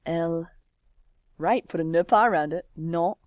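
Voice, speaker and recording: A woman's voice: on the low side, darkish tone, dry recording, studio quality. A woman teaching a French lesson, patiently walking a class through examples while typing and encouraging answers. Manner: patient, encouraging, slow and drawn-out.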